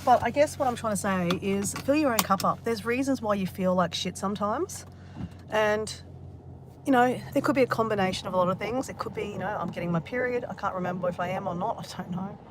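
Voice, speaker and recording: A woman's voice: mid-range voice, brisk, background noise. Woman vlogger, mid-range voice, open and emotional, casual swearing, talking from a car. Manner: candid, emotional, swears freely. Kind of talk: casual talk to camera.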